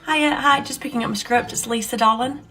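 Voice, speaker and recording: A woman's voice: on the high side, steady tone, brisk, a bit bright, faint music behind, natural voice. A woman voicing a chatty, easily surprised middle-aged British woman in a comic sketch. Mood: incredulous. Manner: incredulous, chatty.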